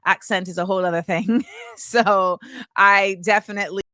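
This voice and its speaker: A woman's voice: medium pitch, steady tone, normal speed, over loud music. A woman hosting a podcast in casual chat, chatty and rambling with lots of fillers. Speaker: podcast host.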